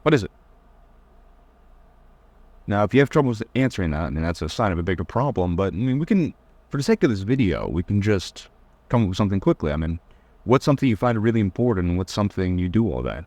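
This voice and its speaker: A man's voice: low-pitched, sing-song, fast, darkish tone, no echo. A young man giving a casual, blunt dating-advice lecture, teasing his listeners and mocking them in whiny put-on voices.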